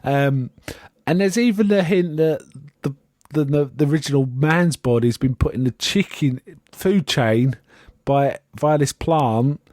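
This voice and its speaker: A man's voice: fairly high pitch, measured pace, a little mellow, no room sound. A man casually recapping a TV episode on a podcast, rambling and amused and often trailing off mid-sentence. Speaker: podcast co-host.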